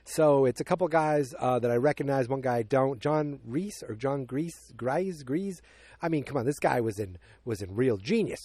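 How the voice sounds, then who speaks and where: A man's voice: medium pitch, lively intonation, normal speed, darkish tone, dry recording. A man hosting a podcast, casually recapping a movie plot in a rambling way, full of fillers and acted-out quotes. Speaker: podcast host.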